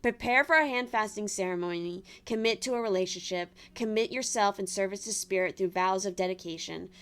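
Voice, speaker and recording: A woman's voice: medium pitch, fairly quick, fairly bright tone, clear, resonant tone. Young woman reading tarot cards aloud. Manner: reads card meanings aloud with chatty asides. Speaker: tarot reader. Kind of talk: casual tarot reading for viewers.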